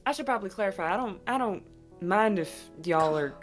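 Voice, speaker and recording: A woman with an Appalachian accent playing a tabletop game, animated and wry. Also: mid-range voice, normal speed, faint music behind. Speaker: player.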